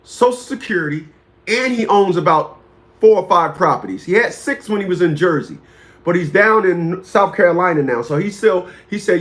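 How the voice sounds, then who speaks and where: A man's voice: high-pitched, lively intonation, normal speed, a bit bright. A man in his fifties hosting a talk show, telling a story in a rambling, casual way, repeating words and greeting viewers by name. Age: 50s.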